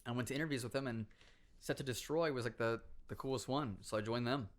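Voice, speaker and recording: A young man who used to be a pro gamer tells stories as a guest on a podcast, casually chatting, acting out other people's lines and swearing freely. His voice is medium pitch and fast.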